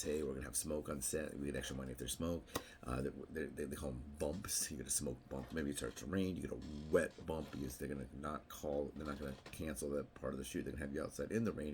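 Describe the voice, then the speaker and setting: A man's voice: extremely low pitch, gravelly, fairly bright tone, a little hiss or hum. A middle-aged man talking casually to camera, telling rambling anecdotes and acting out what people said in a raised voice. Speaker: vlogger.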